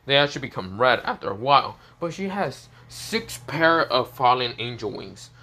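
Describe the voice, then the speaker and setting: A man's voice: medium pitch, big pitch swings, moderate pace, pushed and bright. Rambling man narrating with a sore throat. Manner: rambling, full of fillers like "this is where, well". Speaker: fan story narrator. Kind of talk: improvised storytelling.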